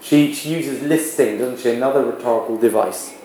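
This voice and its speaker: A man's voice: mid-range voice, a little fast, mellow. A man teaching a classroom literature lesson, explaining patiently and asking rhetorical questions. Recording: echoey classroom with background noise.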